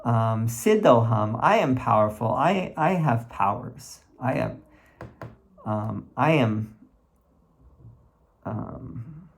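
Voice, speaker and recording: A man reading verses aloud and explaining them in an informal recorded lesson, speaking haltingly with many pauses and restarts. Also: mid-range voice, animated, gravelly, breathy edge. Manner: slow and halting, chants verses then comments. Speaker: teacher reading and explaining scripture. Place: room at home.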